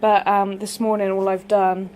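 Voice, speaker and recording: A young, heavily pregnant vlogger chats to the camera at home, chatty and self-deprecating, while a washing machine hums nearby. Her medium-pitched voice is level and darkish, at a normal speed.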